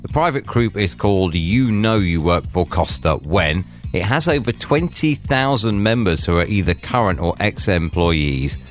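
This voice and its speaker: A man hosts a drivetime radio show with a deep, low voice. He chats casually and tosses in jokey asides between items. Faint music plays underneath. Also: lively intonation, moderate pace, hardly any pauses.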